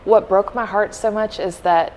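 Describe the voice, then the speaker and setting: A woman co-hosting a podcast, telling a heartfelt story in an earnest, casual way and softly acting out what people said. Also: medium pitch, steady tone, moderate pace, a little hiss or hum, rough recording. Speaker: podcast co-host.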